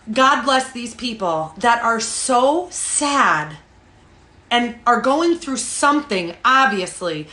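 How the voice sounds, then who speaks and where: A woman's voice: high voice, sharp tone. A woman coaching a group on social selling in a chatty, emphatic way, tagging lines with "okay?" and "all right?". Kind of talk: motivational group talk. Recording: echoey room.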